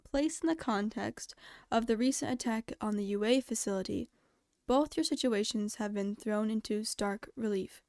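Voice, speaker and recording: A woman reading aloud and voicing a calm, formal male animal school principal who speaks in measured, polite, precise sentences. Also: medium pitch, no room sound, clean studio sound, lightly acted.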